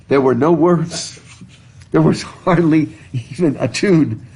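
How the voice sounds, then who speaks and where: Muffled by his mask and slightly husky, a middle-aged professor teaches literature, reading aloud, rambling through side topics and firing questions at his students. His mid-range voice is a little mellow, picked up by a classroom recording device.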